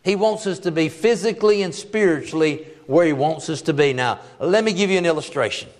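A man with a notably high voice delivers a sermon in a homespun, down-to-earth way. He leans on key phrases and draws them out slowly to drive each point home. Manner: folksy, plainspoken preaching with colloquial grammar. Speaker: preacher.

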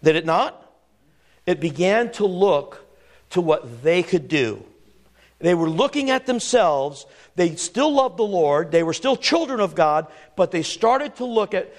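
A man's voice: high-pitched, expressive, measured pace. A middle-aged man preaching a sermon, quoting scripture and firing rhetorical questions at his congregation.

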